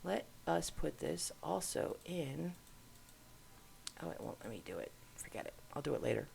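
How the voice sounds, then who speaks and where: A woman's voice: deep voice, big pitch swings, normal speed, creaky, a little mellow, slight background noise. A middle-aged woman hosting, giving casual commentary while browsing on screen and musing aloud as she goes. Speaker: host.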